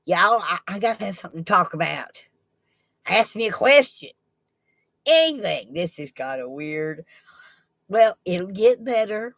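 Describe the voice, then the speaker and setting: A woman's voice: medium pitch, lively intonation, unhurried, a bit bright, no echo. A woman hosting a casual live stream. She rambles in a folksy way and talks straight to her chat from a laptop at home. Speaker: livestream host. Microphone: laptop microphone.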